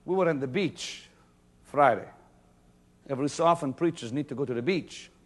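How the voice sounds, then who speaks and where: A male pastor preaching a sermon to a congregation, shouting some lines and dropping to a near hush on others. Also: mid-range voice, normal speed. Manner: preaching with sudden shouts and hushed stretches. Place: church before a congregation.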